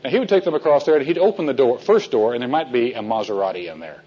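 A man's voice: medium pitch, lively intonation, fast talker, dark tone, slightly rough, highs cut off. A man teaching a men's Bible class in a folksy storytelling way, asking his listeners questions.

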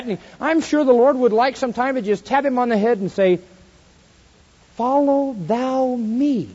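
A man preaching an expository sermon, swinging between soft, quiet asides and loud, emphatic points, and slowing right down to stress key verses. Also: extremely high pitch, lo-fi sound. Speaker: pastor.

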